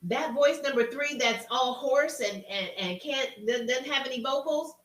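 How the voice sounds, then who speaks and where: A woman's voice: fairly high pitch, unhurried, recorded from a distance. Woman host in a roomy space. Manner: reads out chat names, folksy and encouraging. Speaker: live-stream host and coach. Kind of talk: casual live-stream talk. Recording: roomy sound from off-mic.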